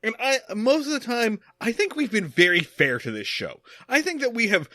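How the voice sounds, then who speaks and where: A man's voice: extremely high pitch, very animated, moderate pace, pushed and bright, dry recording, clean studio sound. A man co-hosting a comedy podcast, ranting angrily and swearing emphatically. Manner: angry, profane, emphatic ranting. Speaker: podcast co-host.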